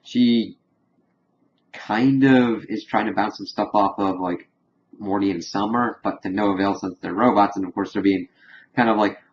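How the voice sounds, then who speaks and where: A man casually recapping a cartoon episode in a rambling way, full of fillers and quick acted quotes. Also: lowish voice. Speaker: reviewer. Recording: dull lo-fi home recording with faint hiss.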